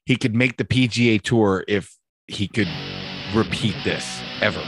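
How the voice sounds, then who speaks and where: A man's voice: lowish voice, measured pace, gravelly. A man hosting a show, telling a long joke in a loose, rambling way. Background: guitar music.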